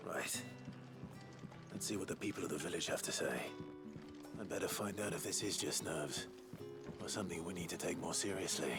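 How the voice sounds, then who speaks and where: An actor voicing a grave, measured young swordsman hero in a video game, speaking in a quietly serious way. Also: deep voice, gravelly, loud music behind the voice. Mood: calm, resolute. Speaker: game protagonist.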